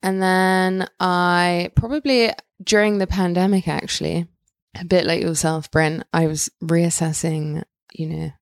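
A woman's voice: fairly low pitch, level tone, measured pace, vocal fry, no echo, studio quality. A young woman co-hosting a casual podcast, chatting with lots of fillers and frequent laughter. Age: young adult. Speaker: podcast co-host, watch and jewelry editor. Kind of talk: casual chat.

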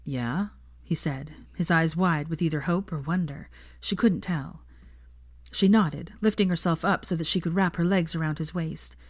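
Brief: female reader, low voice, dry close recording, calm narration. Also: normal speed, breathy edge, no echo. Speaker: fan fiction reader. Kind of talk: audiobook narration.

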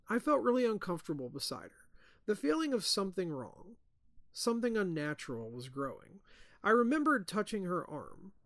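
Man reading a hushed ghost story. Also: high voice, dry recording, clean studio sound. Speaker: podcast host.

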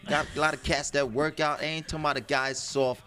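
Animated bright-voiced man telling stories. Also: a little high, fast talker. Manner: animated storyteller, acts out voices, laughs often. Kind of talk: casual chat.

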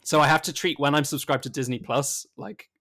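A man's voice: on the high side, brisk, fairly bright tone. A man co-hosting a podcast in casual chat, joking and restarting his sentences. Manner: chatty, jokey, self-interrupting. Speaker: podcast co-host.

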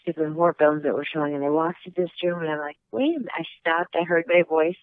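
A woman guest chatting over the phone, relaxed and laughing between stories. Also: low-pitched, quick pace, no echo. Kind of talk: casual phone interview. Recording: tinny phone line.

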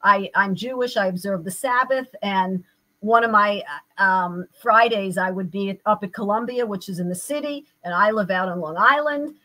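A woman's voice: medium pitch, normal speed, bright, forceful tone, rough recording. An older woman, a therapist and guest, telling her own story in an earnest, reflective way. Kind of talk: personal storytelling in an interview.

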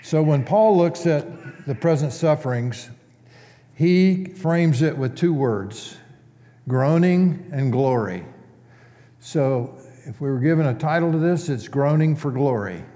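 A male pastor preaching in a relaxed, conversational way, asking his congregation questions as he teaches. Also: fairly high pitch, takes it slowly. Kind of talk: sermon. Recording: long church reverb.

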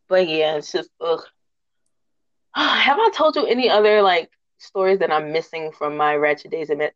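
A woman hosting a podcast, telling rant stories in a lively, slangy, laughing way. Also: deep voice, a little fast, no echo. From northern United States. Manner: animated, slangy, laughing storyteller. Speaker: podcast host. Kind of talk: casual storytelling rant. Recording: dull lo-fi recording.

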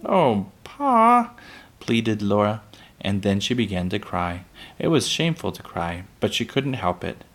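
A man reading a children's book aloud, unhurried, with small slips that he corrects. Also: lowish voice.

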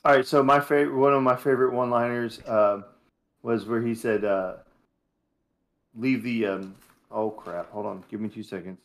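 Animated male co-host and coach. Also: medium pitch, normal speed. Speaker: podcast co-host, youth basketball coach. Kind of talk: casual chat.

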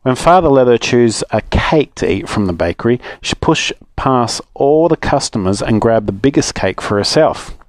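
A man with an Australian accent, reading a children's story aloud as a storytelling dad, with an expressive read-aloud manner. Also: medium pitch, normal speed, hardly any pauses, dry recording.

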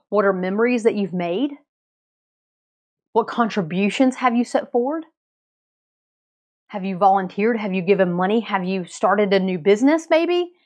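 Energetic woman coaching her listeners. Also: mid-range voice. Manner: energetic, coaching, asks many direct questions. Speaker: podcast host and coach. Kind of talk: motivational episode, addressing listener. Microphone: podcast mic, also filmed.

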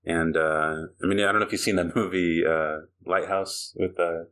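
A man's voice: low voice, steady tone, normal speed, a bit bright. A man hosting a podcast in casual chat, rambling and laughing often. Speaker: podcast host.

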